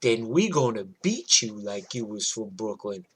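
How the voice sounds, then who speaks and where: A man's voice: fairly low pitch, big pitch swings, a little slow, a bit bright, slightly rough, exaggerated voice. A man voicing a big, tough neighborhood matriarch with a cool, menacing drawl.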